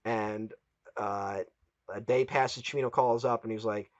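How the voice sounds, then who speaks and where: A man's voice: lowish voice, steady tone, normal speed, a little mellow, no room sound, highs cut off. A man hosting a casual film podcast, retelling a story with quotes he acts out. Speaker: podcast host.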